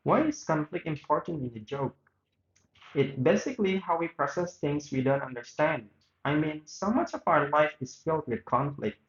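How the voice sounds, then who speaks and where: A male student reads both the host and guest parts of a radio interview aloud, with small slips and restarts, as a read-aloud reenactment. His voice is a little high and expressive, at normal speed. The room is echoey and the sound lo-fi.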